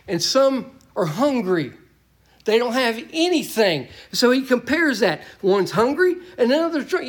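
A man preaching a sermon in a church, folksy and emphatic, joking with the congregation. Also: very high voice.

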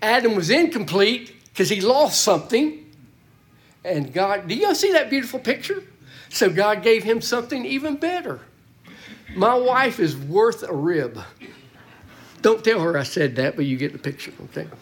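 A man teaching a Bible study as pastor, folksy and animated, with joking asides to his congregation. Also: high-pitched, moderate pace. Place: church.

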